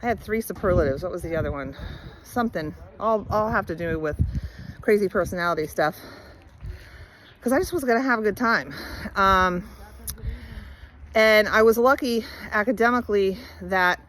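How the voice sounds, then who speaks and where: A woman's voice: medium pitch, moderate pace, pauses often, a bit bright, a little hiss or hum, low-quality recording. A woman vlogger telling her life story in a candid, chatty way with many fillers and easy laughs, outdoors while walking her dog. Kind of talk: casual personal storytelling.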